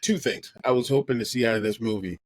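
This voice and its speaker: Male podcast host, mid pitch, dry close sound, excitable geek-chat talker who stammers and restarts. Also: fast, no room sound, rough recording. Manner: excitable, stammers and restarts, jumps high when animated. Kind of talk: casual geeky chat.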